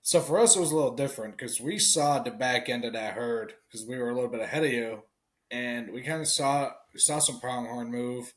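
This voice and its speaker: A man's voice: mid-range voice, a little fast. Easygoing man on a podcast. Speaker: podcast guest. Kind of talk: casual conversation.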